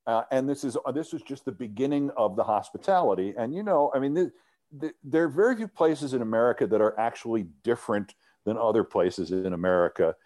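A middle-aged man, a former sports TV host, telling animated anecdotes in an interview and often restarting his sentences. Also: mid-range voice, fairly quick. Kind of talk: storytelling interview.

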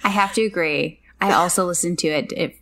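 A chatty woman from Canada co-hosts a relaxed book discussion. She talks at a slightly low pitch, loose and rambling, often pausing to hunt for the right word. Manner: chatty, searching for words with many fillers. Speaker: book club podcast co-host.

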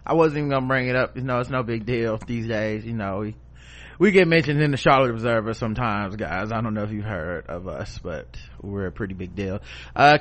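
A man co-hosting a podcast in casual chat, making wry deadpan asides and now and then putting on mock-posh voices. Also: fairly low pitch. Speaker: podcast co-host.

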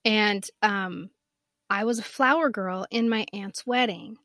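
A woman in her fifties co-hosting a casual podcast chat, telling stories with animated swings from soft to loud. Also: medium pitch, a little slow, dry recording, studio quality. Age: 50s. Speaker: podcast co-host.

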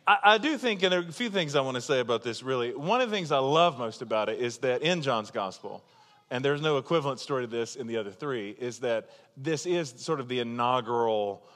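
A man's voice: mid-range voice, expressive, fairly quick, a bit bright, long reverb tail. A man preaching a sermon in a loose, conversational storytelling way, full of asides and laughter at his own jokes. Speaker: pastor.

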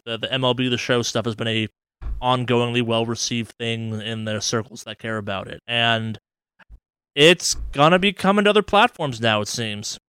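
A man with a smooth, clean voice recorded close and dry, with no room sound around him. He rambles through gaming news in a loose, excitable way and swears casually as he goes. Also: mid-range voice, no room sound. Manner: enthusiastic, rambling, swears freely. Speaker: podcast co-host.

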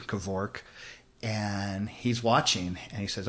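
Recorded at the host's home, this sixty-something guest from Los Angeles tells laid-back anecdotes, mimicking the characters he describes. His voice is on the low side and fairly bright, with a moderate tempo.

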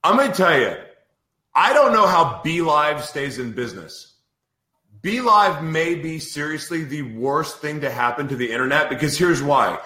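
A man's voice: on the high side, expressive, moderate pace, bright, forceful tone, reverberant. A man hosting a podcast in a casual live-stream chat, exasperated and ranting over technical trouble. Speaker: podcast host.

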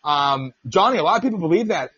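A man's voice: on the high side, expressive, fast talker, pushed and bright, breathy edge, no room sound, highs cut off. A man hosting a radio talk show, telling stories in a casual, profane way and mimicking the people he quotes. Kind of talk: casual political radio chat.

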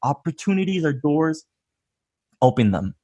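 Man, podcast host, husky voice, lively up-and-down pitch, motivational. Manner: upbeat, motivational, quick affirmations. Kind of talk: casual interview.

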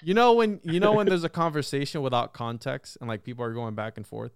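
Dude on a podcast going off on a story, swears a lot, says bro every other line, smooth voice, dry close sound. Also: male voice, medium pitch, fast, no room sound. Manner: animated, profane storytelling full of "bro" and "like". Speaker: podcast guest or host. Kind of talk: casual podcast conversation.

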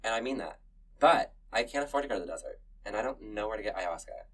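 A man's voice: lowish voice, animated, fast talker, fairly bright tone, distant mic, poor audio. A man co-hosting a podcast, chatting casually with camp and dramatic flair. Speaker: podcast co-host. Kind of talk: casual chat.

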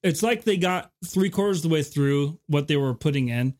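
Podcast cohost guy agreeing along, little laughs, voice on the higher side. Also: lively intonation, moderate pace, darkish tone. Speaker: podcast co-host. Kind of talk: casual political chat.

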